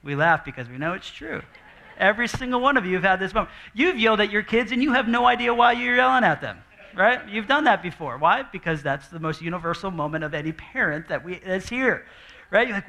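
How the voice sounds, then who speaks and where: Brief: young male pastor, high bright voice, chatty and animated, preaching on a stage. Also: brisk. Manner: animated and conversational, acting out quoted voices. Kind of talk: sermon. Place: church stage before a congregation.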